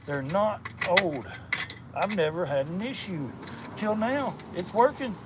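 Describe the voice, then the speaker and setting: A man's voice: high voice, very animated, unhurried, noisy background. Rambling, cussing man with a slight lisp. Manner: swears freely, rambling and joking, talks to live viewers. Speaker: motorcycle vlogger. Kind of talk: casual chat while wrenching.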